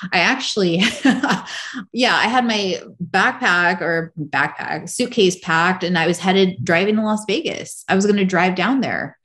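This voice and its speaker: A woman's voice: on the low side, a little slow, a bit bright. A woman guest on a podcast, telling her personal story candidly in a casual, rambling way full of "like". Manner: casual, rambling, heavy use of "like".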